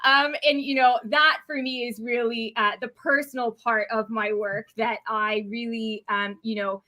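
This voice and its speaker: A woman's voice: fairly high pitch, level tone, unhurried, bright, forceful tone. A Canadian woman with a Canadian accent, a dietitian guest speaking in a friendly way with frequent fillers. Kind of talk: interview conversation.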